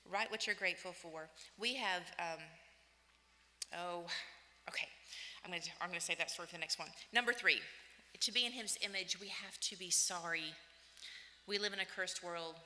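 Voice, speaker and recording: A woman in her fifties giving an inspirational church talk, telling personal stories in an animated way and acting out the voices she quotes. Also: on the low side, moderate pace, long pauses. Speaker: women's day church speaker. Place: church hall. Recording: echoey church hall.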